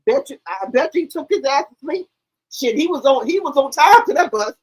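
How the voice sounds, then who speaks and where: Woman stream host with a high voice; animated, profane storyteller who keeps laughing. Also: a little fast, low-quality recording. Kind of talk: casual chat on a live stream.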